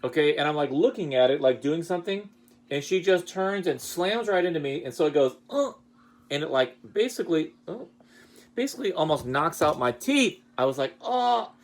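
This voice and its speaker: A man, a high school choir director, giving a casual award speech and telling animated stories about his students with lively jumps in his voice. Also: fairly quick. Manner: chatty, animated storytelling with lively pitch jumps.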